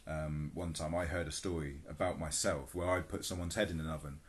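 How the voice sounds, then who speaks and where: A man hosting an interview, chatting in a relaxed, rambling way. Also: rumbling low, fairly quick. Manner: relaxed, rambling, with many fillers. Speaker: interviewer, podcast host. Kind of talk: conversational interview.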